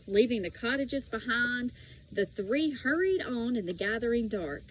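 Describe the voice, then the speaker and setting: Slow, expressive woman reading a storybook. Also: a little high, slight background noise, rough recording. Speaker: audiobook reader. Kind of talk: children's storybook narration.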